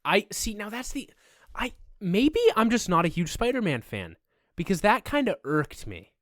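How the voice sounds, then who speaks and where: A man's voice: high-pitched, big pitch swings, moderate pace, a bit bright, dry recording, studio quality. A man co-hosting a podcast in casual, laid-back chat, joking now and then. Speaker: podcast co-host.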